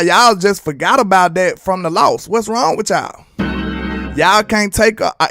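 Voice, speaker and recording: Hype-preaching man. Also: high voice. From Alabama, US. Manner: animated, preachy, repeats rhetorical questions. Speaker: sports commentary host. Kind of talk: fan hype commentary livestream.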